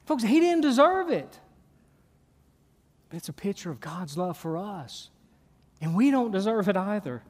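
A middle-aged man preaching a sermon, his voice sitting high for a man. He is emphatic and animated, repeating words as he drives points home with questions. His voice rings out with long reverb through a big church hall. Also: a little slow, pauses often. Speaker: pastor.

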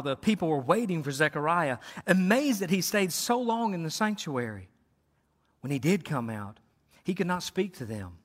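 A high-pitched man delivers a lively, conversational sermon. He acts out the quoted lines as he goes. His voice rings with the long reverb of a large hall. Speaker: pastor.

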